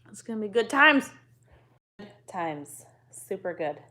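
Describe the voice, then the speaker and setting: A woman's voice: medium pitch, sing-song, measured pace, bright, forceful tone. A woman vlogger in casual chat to the camera, laid-back, sighing often and swearing offhandedly.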